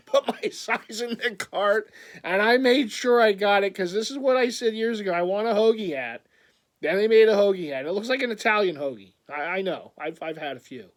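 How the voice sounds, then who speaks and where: A man talks in a casual vlog, his voice sitting high for a man. He rambles and gets excited easily, breaking into frequent laughter. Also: brisk. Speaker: vlogger.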